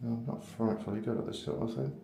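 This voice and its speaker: A man's voice: lowish voice, expressive, brisk. British man, chatty vlogger, self-deprecating, rambling, roomy hotel echo, faint background hum. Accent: British English. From United Kingdom. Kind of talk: casual vlog tour. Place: hotel room, indoors.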